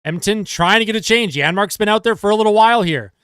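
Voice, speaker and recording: A man doing live play-by-play as a fan of his team, calling the action quickly and growing exasperated and sarcastic at their mistakes. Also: sits high, fairly bright tone, clear, resonant tone, dry recording, clean studio sound.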